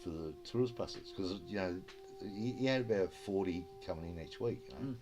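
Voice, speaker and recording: Deep Australian male storyteller, casual and sweary, plays every part in his anecdotes, music under. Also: moderate pace. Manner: rambling, swears freely, acts out quoted dialogue. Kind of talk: casual yarn-telling.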